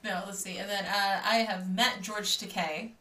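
A woman's voice: mid-range voice, fairly even intonation, pushed and bright, distant mic. A woman hosting a casual podcast, playful and chatty, from Sacramento. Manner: playful, chatty, quick to laugh. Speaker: podcast host. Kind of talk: casual chat. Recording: roomy, a bit off-mic.

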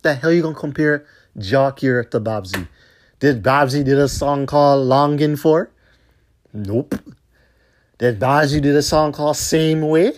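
A man's voice: medium pitch, measured pace. A man hosting his own show, ranting in a heated, profane way and firing scornful rhetorical questions. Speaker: host. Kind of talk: solo rant podcast.

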